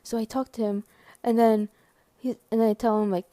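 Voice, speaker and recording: A woman from Maryland excitedly telling a story to camera, gushing, swearing, filling every pause with "like" and sometimes dropping to a hushed whisper. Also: a little high, dry recording, clean studio sound. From Maryland, USA. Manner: gushing, swears often, heavy use of "like"; drops to hushed whispers at times.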